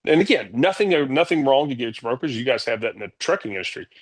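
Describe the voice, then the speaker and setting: A man, a company CEO, telling stories as a guest in a casual interview, energetic and blunt, swearing freely. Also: mid-range voice, fast talker.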